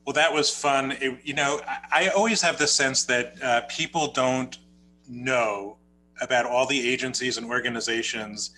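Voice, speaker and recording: A man with a New Jersey accent co-hosting a podcast interview, talking in a halting way full of filler sounds. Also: medium pitch, fairly even intonation, pushed and bright, slight background noise, rough recording. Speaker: podcast co-host. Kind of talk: casual interview chat.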